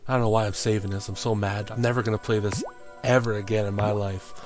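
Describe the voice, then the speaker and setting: A man streaming a game, cursing, shouting at enemies and grumbling about the game as he plays. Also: fairly low pitch, little pitch movement, quick pace. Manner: profane, frustrated outbursts and yelling at the game. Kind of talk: live gameplay commentary. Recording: game music behind voice.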